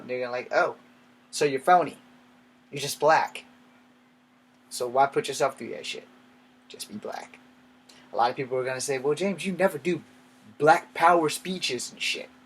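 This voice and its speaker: A man's voice: medium pitch, a bit bright, a little hiss or hum. A man giving a blunt, casual monologue to his viewers, swearing now and then. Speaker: vlogger.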